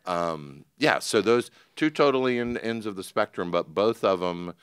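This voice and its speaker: A man's voice: on the low side, animated, fairly bright tone, clean tone, dry recording, studio quality. A man in casual interview conversation, talking openly and earnestly with frequent restarts. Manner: earnest, open, halting restarts. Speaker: restaurateur, podcast guest.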